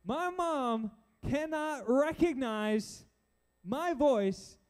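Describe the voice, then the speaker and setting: A man preaching a casual sermon to a youth crowd in a church with a balcony, animated and chatty as he acts out Bible figures. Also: very high voice, very slow. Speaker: youth pastor.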